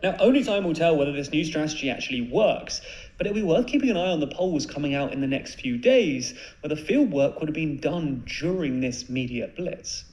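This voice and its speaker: A man giving brisk, wry scripted narration about polling news in a played clip. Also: a little high, animated, darkish tone. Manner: brisk, wry explanatory delivery. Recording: played clip in an echoey room.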